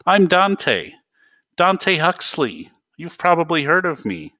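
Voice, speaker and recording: A man's voice: fairly high pitch, sing-song, takes it slowly, pushed and bright, voice pushed up, heavily acted. A man reading a novel aloud, voicing a smug, cocky young male pop star in a raised, self-assured voice. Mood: boastful.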